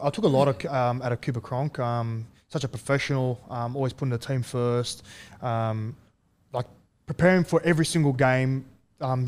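A young man, a rugby league player, talks in a relaxed, halting way with many fillers and restarts as he tells stories in an interview. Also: mid-range voice. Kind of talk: casual storytelling interview.

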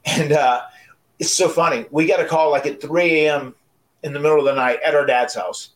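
A man in his forties telling a casual story on a podcast, animated and often repeating words as he restarts sentences. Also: on the high side, fairly quick, low-quality recording. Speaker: wrestler and podcast co-host.

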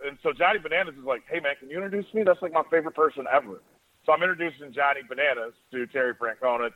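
A man in his forties from Ohio, a radio host telling a rambling story in a casual way. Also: mid-range voice. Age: 40s. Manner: rapid, rambling anecdotes with quoted asides. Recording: tinny phone-like radio sound.

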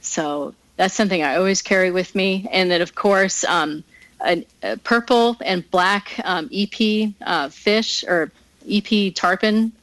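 Here the same kind of guest angler, a woman, tells chatty fishing stories with plenty of laughter during a casual interview. Her mid-range voice is fairly bright and a little slow, captured in a dry, poor-quality recording.

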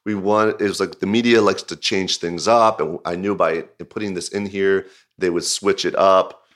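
Low-voiced man telling a rambling story. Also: normal speed. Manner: rambling, filler-heavy storytelling with frequent "like"; animated, laughing retelling. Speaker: music video director. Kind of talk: casual anecdote in an interview.

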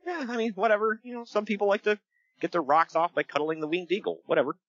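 Male podcast host, animated storyteller with a bright, dry close sound. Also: high-pitched, fast, no room sound, lo-fi sound. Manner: animated storyteller, laughs often, breaks into voices. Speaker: podcast host recapping wrestling. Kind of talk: casual chat.

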